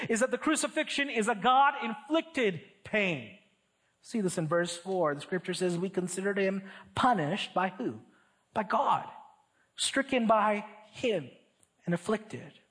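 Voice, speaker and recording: A man preaching a sermon, earnest and emphatic, reading scripture aloud in a measured voice and then rising and falling in pitch and volume to stress his points. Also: fairly bright tone.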